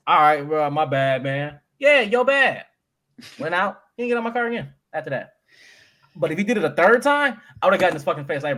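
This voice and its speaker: A young man co-hosting a podcast, telling stories in an animated, profane, laughing way. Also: fairly high pitch, quick pace. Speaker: podcast co-host. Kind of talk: casual chat.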